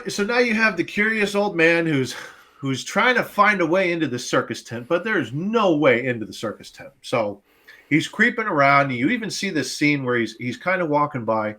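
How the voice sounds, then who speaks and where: A man hosting a casual movie review podcast, recapping scenes in an animated, profane way. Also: mid-range voice. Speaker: podcast host.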